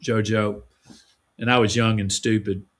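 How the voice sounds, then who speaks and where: A man's voice: lowish voice, flat delivery, measured pace. A man being interviewed, telling stories in a rambling, folksy way with frequent restarts. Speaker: guest. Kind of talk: casual interview conversation.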